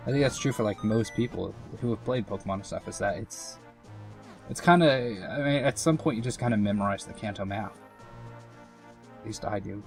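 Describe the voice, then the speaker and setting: A man's voice: fairly low pitch, fairly quick, soft background music. A young man giving casual, rambling commentary over a game, full of fillers and self-mocking asides. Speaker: let's play commentator.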